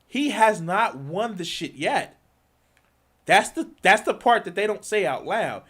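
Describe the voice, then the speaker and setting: Man, angry streamer rant, swearing, restless swooping pitch, slightly raised voice. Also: a bit bright. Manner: heated, swearing, repeats himself, mocking quoted voices. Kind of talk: profane political rant.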